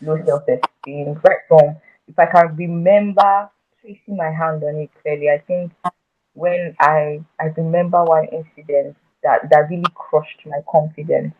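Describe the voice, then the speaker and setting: A woman guest telling her own story in a conversation, halting and earnest, often restarting and repeating words. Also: low voice, fairly even intonation. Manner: earnest and emotional when recounting her past. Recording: tinny phone-like audio.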